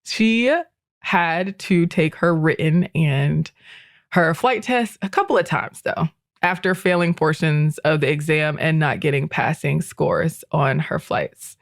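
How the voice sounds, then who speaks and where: A woman telling a history story on a podcast in a relaxed, chatty way, often breaking into laughter. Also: low-pitched, takes it slowly, vocal fry, no echo, clean studio sound. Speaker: guest presenter.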